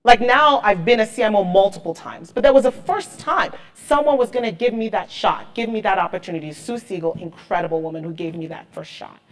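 A woman's voice: mid-range voice, fairly quick, hardly any pauses. A woman in her thirties, a marketing executive, speaking emphatically and with motivation as the guest of an onstage interview, often repeating words for stress.

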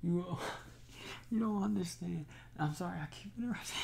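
A man in a whispered role-play as an adoring boyfriend, soft and affectionate, often breaking into laughs and sighs. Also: sits high, normal speed, creaky, a little hiss or hum. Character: adoring boyfriend, emotional and overjoyed. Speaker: ASMR creator.

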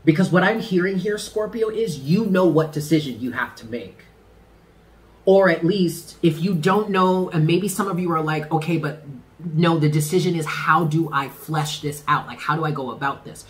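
Animated, slangy man reading tarot. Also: fairly high pitch, moderate pace. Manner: animated, swearing, slangy and laughing. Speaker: tarot reader.

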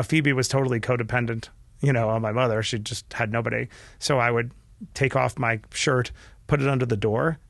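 A middle-aged man, a podcast guest, telling a candid personal story earnestly and with feeling, often restarting his sentences and dropping his voice quietly. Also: medium pitch, gravelly, no echo. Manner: earnest and emotional, with frequent restarts and quiet dips.

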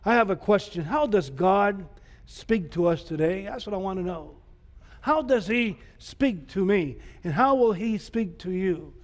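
A man's voice: high voice, expressive, unhurried. A man preaching a sermon as pastor, emphatic, with repeated rhetorical questions to the congregation. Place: church sanctuary. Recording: church hall reverb.

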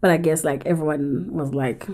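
South African woman, candid chatty vlogger, low mellow voice, emphatic storyteller. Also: steady tone, normal speed. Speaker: film reviewer and vlogger. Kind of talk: casual storytelling vlog.

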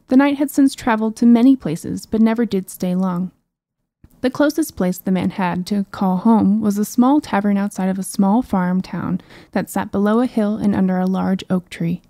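Mellow woman reading a storybook. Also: mid-range voice, normal speed, dry recording. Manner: even storybook delivery with wry asides. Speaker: audiobook narrator. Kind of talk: scripted narration.

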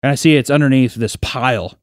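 Talking fast in a mid-range voice, a young man on a podcast recounts a story from his childhood, swearing freely and performing the voices of its characters with lots of energy. The recording is dry and clean, with studio sound.

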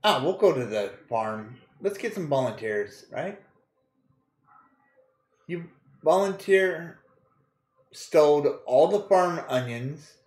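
A man's voice: on the high side, lively intonation, takes it slowly, long pauses, darkish tone, reverberant. A man casually commenting on a video game he plays, joking crudely, laughing often and reading game text aloud. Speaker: gaming streamer. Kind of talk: casual let's-play commentary.

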